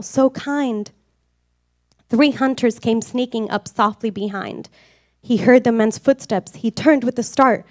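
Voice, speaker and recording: High-voiced woman reading a rhyming story. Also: dry recording, studio quality. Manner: rhythmic, expressive and sing-song. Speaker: reader.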